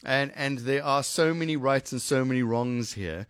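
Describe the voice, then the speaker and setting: A man hosts live radio in a loose, chatty way, tripping over and repeating his words as he thinks aloud. His voice sits at a middling pitch, and the studio sound is close and dry. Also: moderate pace, fairly bright tone, clean tone, no echo. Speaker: radio presenter. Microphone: studio mic.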